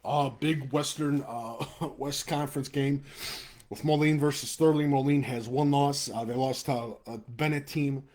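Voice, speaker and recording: Speaking at a mid-range pitch with fairly even intonation, this man talks a little slowly in a darkish tone. He's a high school football show host with a Chicago-area American accent, delivering a blunt, fired-up rant and game preview on a live webcast, cursing and then saying sorry.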